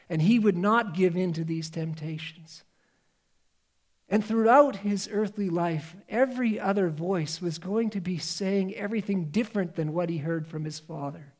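Male preacher with a high voice, earnest and emphatic, swings between loud and hushed. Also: moderate pace. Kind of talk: sermon.

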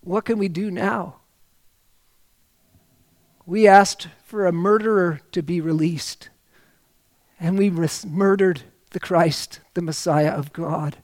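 Guy preaching, pretty high voice, fired up, slows down to hammer points home. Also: steady tone, no room sound. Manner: impassioned, swells loud on key phrases, slows for emphasis; reads scripture aloud within the preaching. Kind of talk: sermon.

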